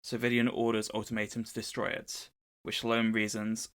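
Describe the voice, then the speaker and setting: A man's voice: lowish voice, monotone, moderate pace, fairly bright tone, clear, resonant tone. A man co-hosting a casual podcast, retelling a book's plot in an easygoing storytelling way. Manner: storytelling summary of a book plot. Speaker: podcast co-host.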